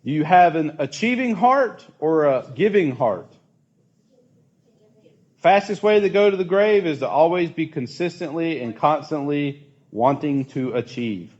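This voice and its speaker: A man's voice: fairly high pitch, animated, unhurried, a little mellow, dull audio. A man leading a casual church youth group talk, chatty and asking the group questions.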